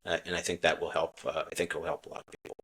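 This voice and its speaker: A middle-aged man, a company chief, telling a customer-service story in a relaxed interview with earnest restarts. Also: low voice, racing. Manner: earnest, acts out quoted dialogue, many restarts. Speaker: menswear company CEO, podcast guest. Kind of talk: casual interview talk, storytelling.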